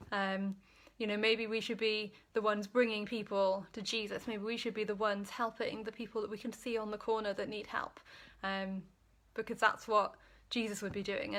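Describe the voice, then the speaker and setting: A woman's voice: medium pitch, a bit bright. A woman from Wales leading a casual live-streamed daily devotional from a small prayer room, chatty and informal, slightly out of breath, recorded on a phone or laptop camera. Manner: chatty and informal, thinking aloud. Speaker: church devotional leader.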